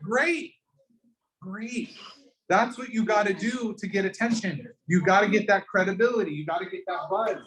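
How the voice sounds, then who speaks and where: Calling students out by name, a fired-up, pushy instructor coaches entrepreneurship. His voice is medium-pitched and fairly bright at a moderate pace, recorded in an echoing classroom.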